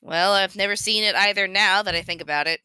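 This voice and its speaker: Woman reading as deadpan too-cool teen boy. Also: mid-range voice, a little fast, clean tone, dry recording, lightly acted, poor audio. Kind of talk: reading a comic aloud with friends.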